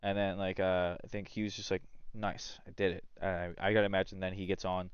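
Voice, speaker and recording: A man's voice: low-pitched, level tone, fast, clean tone, dry recording, dull audio. A man co-hosting a podcast in casual chat, rambling and filling his talk with "like". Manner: rambling, heavy use of "like". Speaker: podcast co-host.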